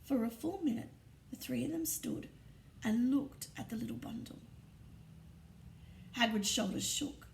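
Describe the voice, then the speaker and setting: A woman reading a storybook aloud in an expressive, often hushed narrating voice. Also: on the high side, unhurried, gravelly, pauses often, a little hiss or hum. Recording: roomy echo, distant mic, faint ambience.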